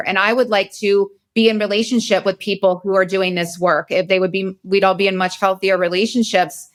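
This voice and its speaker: A woman's voice: medium pitch, a little fast, hardly any pauses. A woman in her forties hosting a podcast, telling a personal story in a candid, emotional, rambling way, and sounding very tired. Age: 40s. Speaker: podcast host.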